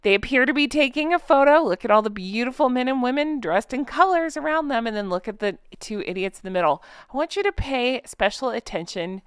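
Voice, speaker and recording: Woman commentary host, fairly high and smooth voice, dry close sound; chatty, sarcastic, full of questions to the audience. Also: animated, brisk, few pauses, no room sound. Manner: sarcastic, mocking asides; talks straight to viewers, lots of rhetorical questions. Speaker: commentary vlogger. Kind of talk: chatty gossip commentary to camera.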